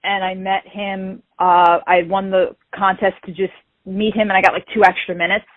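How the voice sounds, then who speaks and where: A woman, telling an animated story as an interview guest and acting out the quoted dialogue. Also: medium pitch, normal speed, no echo. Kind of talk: casual storytelling. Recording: tinny phone-like call audio.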